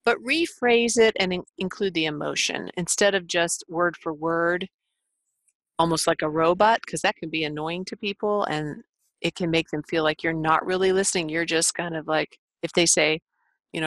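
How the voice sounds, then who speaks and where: A woman life coach giving listening tips in a gentle, explanatory way, acting out sample replies. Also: lowish voice, normal speed, dry recording. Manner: gentle, explanatory, models example dialogue. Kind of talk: scripted podcast advice talk.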